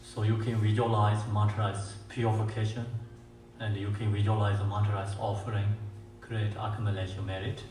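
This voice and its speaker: Low-voiced man teaching in an echoey hall. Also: little pitch movement. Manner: halting, with many fillers and restarts; slows to chant mantras. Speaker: Buddhist teacher. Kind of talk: dharma teaching. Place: meditation centre hall. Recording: echoey room, mic far off, faint hiss.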